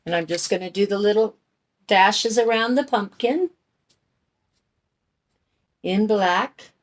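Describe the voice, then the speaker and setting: A middle-aged woman runs a crafting channel, painting and explaining each step in a casual, folksy chat. Her mid-range voice takes things slowly.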